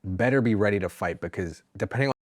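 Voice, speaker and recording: A man's voice: lowish voice, fast talker, darkish tone, no echo, clean studio sound. A man reading online stories aloud as a channel host, breaking in with casual, profane, joking asides. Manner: casual, swears freely, jokey asides. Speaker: story narrator and channel host.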